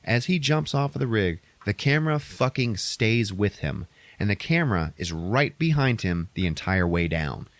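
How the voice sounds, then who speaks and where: A man's voice: on the low side, sing-song, moderate pace, no room sound. A young man hosting a podcast, recapping a movie in a rambling, swear-heavy casual way. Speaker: podcast host.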